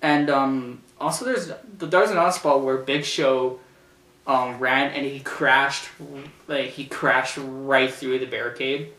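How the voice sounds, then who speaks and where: A man hosting a casual review, rambling and hesitant with many fillers and restarts, breaking into loud shouted impressions as he retells the action. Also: mid-range voice, slow pace. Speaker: show host reviewing a wrestling event. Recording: roomy, distant from the mic, faint noise.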